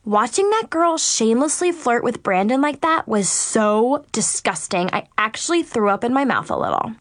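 A woman reads a teen diary story aloud in first person, sassy and dramatic, her pitch rising and falling widely. Her voice sits a little high, and the recording is close and dry with no room around it. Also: sing-song, normal speed, dry recording. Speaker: audiobook narrator.

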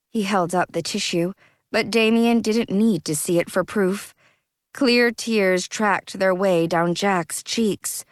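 Slow, measured woman narrator. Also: medium pitch, steady tone, no echo, clean studio sound. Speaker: audiobook narrator. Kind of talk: scripted narration.

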